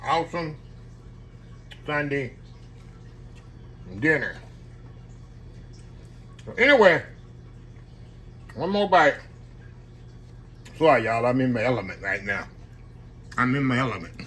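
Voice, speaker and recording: Filmed on a tripod camera, a man hosts a casual eating vlog for his cooking channel in his home kitchen. His mid-range voice is animated, slow and bright, with a forceful tone, long pauses and a little hiss or hum. He's folksy and chatty, often saying "y'all" and savoring each bite aloud.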